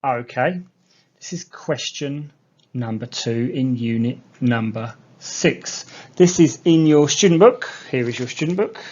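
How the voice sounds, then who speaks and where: A man teaching an English lesson to young learners, explaining slowly and repeating key words. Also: medium pitch, expressive, a little mellow. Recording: dull lo-fi sound.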